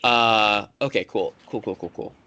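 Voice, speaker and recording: A man's voice: lowish voice, measured pace, sharp tone, dull audio. A man narrating a tabletop game as game master, hesitant and full of fillers.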